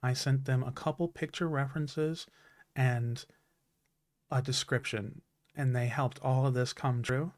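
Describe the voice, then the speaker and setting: A man streaming live, giving an emotional, heartfelt thank-you speech that is halting, full of fillers and restarts, his throat turning a little raspy. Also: medium pitch, steady tone, dry recording.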